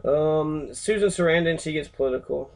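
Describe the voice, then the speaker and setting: A man giving rambling, profane movie commentary, halting and full of fillers, as the host of a reaction video. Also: fairly high pitch, gravelly, a little mellow, poor audio.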